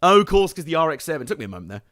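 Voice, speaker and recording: A man giving joking, excitable live commentary while playing a racing game and chatting to his viewers. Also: fairly high pitch, very fast. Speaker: streamer. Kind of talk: live let's-play commentary. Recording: game car noise underneath.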